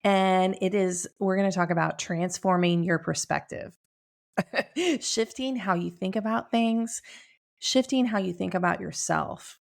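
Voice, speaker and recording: A woman's voice: mid-range voice, measured pace, creaky. A middle-aged woman hosting her podcast in casual, chatty talk, upbeat and laughing often, speaking from a room at home. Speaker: podcast host.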